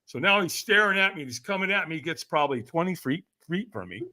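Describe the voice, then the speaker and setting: Lively, bright-voiced middle-aged man storyteller. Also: a little high, quick pace. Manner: acts out quoted voices with big swings. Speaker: podcast guest. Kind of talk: animated storytelling.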